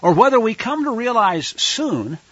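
Brief: husky, high-pitched male preacher, emphatic and wandering. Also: sing-song, normal speed, fairly bright tone, no echo, highs cut off. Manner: emphatic, sarcastic, digressive. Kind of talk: sermon-style commentary.

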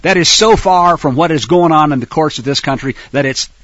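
A man preaching in an animated, rhetorical style, addressing listeners as folks, on a dull lo-fi recording. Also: a little high, brisk, dry recording. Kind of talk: sermon-style Bible teaching.

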